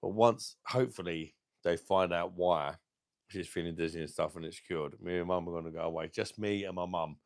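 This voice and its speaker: A man's voice: low voice, brisk, no echo, studio quality. A young man, hosting a casual beer channel live stream, swearing freely and talking to viewers. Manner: sweary, emotional, talks to chat viewers.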